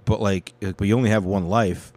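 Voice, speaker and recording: A man's voice: on the low side, fairly even intonation, brisk, darkish tone, no room sound. A young man hosting a casual news commentary, rambling and swearing freely. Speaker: show host.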